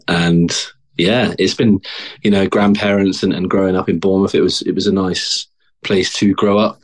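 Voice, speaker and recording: Low-voiced bloke, ex marine, chatting loose with lots of ums. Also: male voice. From England. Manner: relaxed, hesitant, many fillers. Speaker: guest, former Royal Marine. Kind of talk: casual interview talk.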